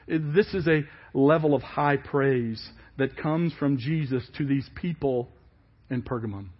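A man preaching a sermon, emphatic and falling quiet at the ends of phrases. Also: medium pitch, a little slow, husky. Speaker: pastor. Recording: dull lo-fi church service audio.

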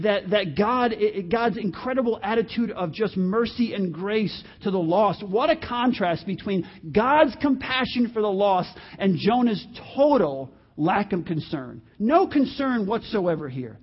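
High husky guy preaching, lively, kinda muffled lo-fi sound. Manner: animated, acts out quoted voices. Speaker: pastor. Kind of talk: sermon.

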